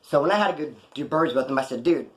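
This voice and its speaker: Fast-talking man telling rough stories. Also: on the high side, lively intonation, a bit bright. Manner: profane, rambling, wry. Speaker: vlogger recounting jail stories. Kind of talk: casual storytelling.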